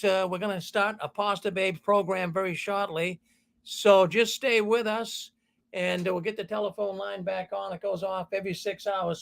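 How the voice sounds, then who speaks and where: A man's voice: high-pitched, creaky, a bit bright. A man hosting a call-in show, rambling and repeating himself. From Boston. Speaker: host.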